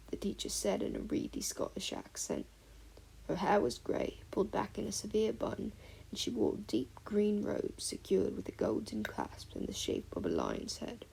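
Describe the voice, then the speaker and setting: A woman reading a fan-fiction audiobook aloud, expressive storytelling with soft breathy passages. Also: medium pitch, moderate pace, rough recording. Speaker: audiobook reader.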